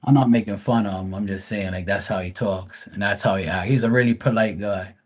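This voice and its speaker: A man's voice: on the low side, fairly even intonation, fairly quick. A man hosting a live stream, telling a casual story in a blunt, profane, rambling way.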